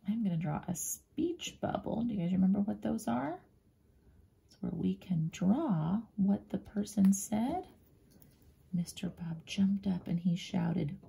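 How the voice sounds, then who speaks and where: A woman teacher slowly and gently walking young pupils through a writing lesson, often dropping into a soft near-whisper as she draws and spells. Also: medium pitch, creaky, breathy edge. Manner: slow, gentle, talks directly to young pupils. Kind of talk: children's writing lesson, drawing and thinking aloud.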